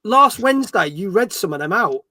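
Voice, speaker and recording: A man's voice: high voice, lively intonation, brisk, pushed and bright, no echo, clean studio sound. A man hosting a casual gaming live stream, joking and reading viewer comments aloud. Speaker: podcast host reading chat.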